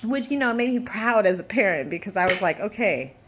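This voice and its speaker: A woman in her thirties rants casually into the camera, blunt and heavily profane. She rambles with fillers and asides, her pitch sitting mid-range. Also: animated, fast talker, background noise. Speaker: parent vlogger. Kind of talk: casual vlog rant.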